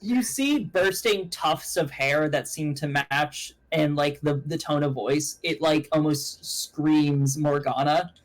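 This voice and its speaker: A young man narrating a tabletop game as game master on a stream, rambling with fillers and quick self-corrections. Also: on the high side, poor audio.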